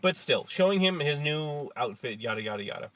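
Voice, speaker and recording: A man's voice: on the high side, expressive, fairly quick, fairly bright tone. A man co-hosting a casual pop-culture chat, opinionated and cynical in his takes. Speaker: podcast co-host.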